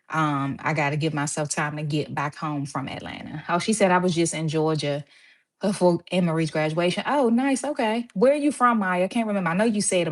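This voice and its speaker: A chatty woman from Washington, D.C. with a lowish voice hosts a relaxed live stream from home. She is slightly out of breath and greets her viewers one by one, peppering her talk with "y'all.". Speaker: host of a live stream for medical assistants. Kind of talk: casual live-stream chat.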